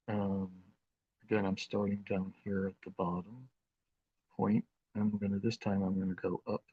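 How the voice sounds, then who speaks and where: A man hosting a live craft demonstration, talking in an unhurried, chatty way with plenty of fillers as he works with his hands. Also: on the low side, husky, dry recording, phone-quality sound. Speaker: craft demo host.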